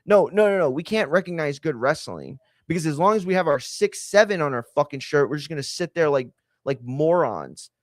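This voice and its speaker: A man hosting a wrestling live stream, ranting in a heated, profane way and swinging between loud outbursts and low muttering. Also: animated, fairly quick, dry recording, studio quality. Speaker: livestream host.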